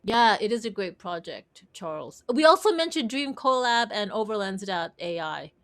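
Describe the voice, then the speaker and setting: A woman's voice: mid-range voice, big pitch swings, normal speed. A young woman from Canada hosting a casual livestream chat, bubbly and giggly, rambling between topics. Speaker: host.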